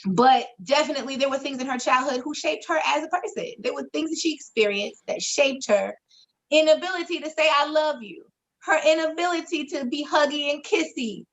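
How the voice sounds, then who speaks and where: A woman, co-hosting a podcast and telling a candid story in a frank, expressive way, swearing freely and acting out the voices she quotes. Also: high voice, a little fast, a little hiss or hum, low-quality recording. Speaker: podcast co-host.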